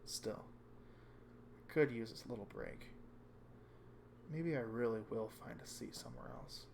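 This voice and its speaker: A man reading a visual novel aloud with calm first-person narration. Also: mid-range voice, a little slow, vocal fry, background noise. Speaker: reader.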